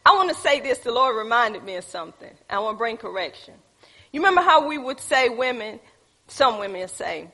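A woman's voice: fairly high pitch, sing-song, brisk, pushed and bright, breathy edge. A woman teaching a church group, preachy and calling on the audience. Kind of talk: teaching talk with congregation.

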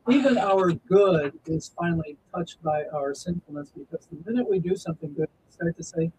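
Higher-voiced male co-host, measured. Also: noisy background. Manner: measured, reflective, quotes scripture. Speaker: radio co-host. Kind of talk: faith radio talk.

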